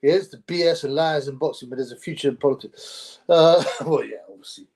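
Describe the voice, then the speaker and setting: Young guy rambling on a livestream, bit higher voice, lots of slang and laughs. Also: fairly quick, darkish tone. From United Kingdom. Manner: rambling, laughs often, slangy street talk. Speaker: livestream host. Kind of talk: casual solo livestream chat.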